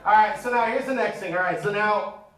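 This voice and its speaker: Brash high-voiced man doing stand-up. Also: fairly quick, a bit bright. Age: 30s. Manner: brash, profane, teasing the crowd. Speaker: stand-up comedian. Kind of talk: stand-up set with crowd work. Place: comedy theater stage. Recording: echoey room, mic from a distance.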